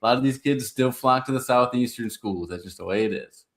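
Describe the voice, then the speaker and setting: A man co-hosts a sports podcast and pushes back with a relaxed, joking tone. His voice sits at an ordinary middle pitch. He often drifts into friendly ribbing and easy laughter. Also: fairly quick, slight background noise. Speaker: podcast co-host. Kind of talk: casual sports debate.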